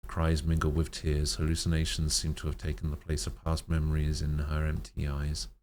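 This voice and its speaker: A man streamer reading a sad story aloud in a slow, measured way, with occasional slips. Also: extremely low pitch, completely flat delivery, darkish tone, slight background noise.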